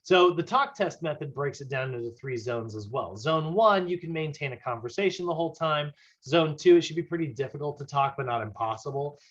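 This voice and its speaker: A man's voice: fairly high pitch, expressive, fairly quick, hardly any pauses, fairly bright tone. A man teaching a recorded fitness class in a casual, chatty way, full of fillers and tag questions. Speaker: fitness instructor. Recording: slightly dull lo-fi audio.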